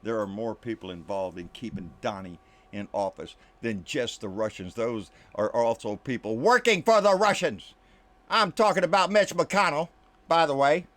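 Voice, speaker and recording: Ranting angrily and profanely to camera on his political commentary channel, a male host keeps addressing the listener as "baby" and frequently slips into low mutters. He sounds expressive and a bit bright, speaking at a moderate pace.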